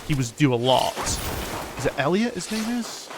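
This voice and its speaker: A man's voice: fairly high pitch, big pitch swings, moderate pace, background noise. A man, casually commenting on a game he is playing, chatting with viewers and reading lore aloud, swearing freely. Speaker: game streamer.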